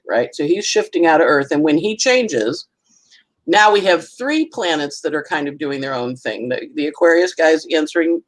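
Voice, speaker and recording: A middle-aged woman with a husky, slightly breathy voice talks astrology in a relaxed podcast chat. Her pitch swings widely as she tells stories, acting out what others said and laughing often. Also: low-quality recording. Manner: animated storytelling, acts out quoted voices, laughs often. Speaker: astrologer guest.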